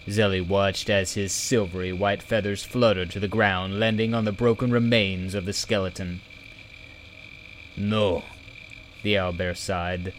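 A man narrating a storybook in a slow, measured reading. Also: deep voice, slight background noise. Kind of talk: audiobook narration.

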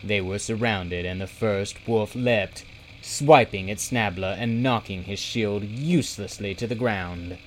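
A man narrating a children's fantasy audiobook in a measured, steady storytelling manner. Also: fairly low pitch, a little hiss or hum, poor audio. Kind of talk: scripted narration.

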